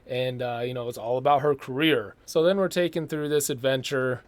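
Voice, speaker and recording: A man's voice: medium pitch, fairly quick, no room sound. A man giving a casual, sardonic film review, rambling with frequent fillers.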